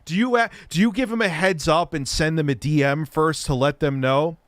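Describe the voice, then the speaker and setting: A man's voice: a little high, moderate pace, fairly bright tone, dry recording. Blunt ranting male host. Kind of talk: casual livestream chat.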